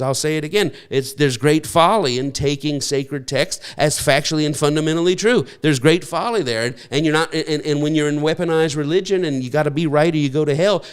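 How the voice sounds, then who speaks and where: Earnest man preaching, fairly high voice. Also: smooth. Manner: earnest, repetitive, stammering restarts. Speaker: pastor. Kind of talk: sermon.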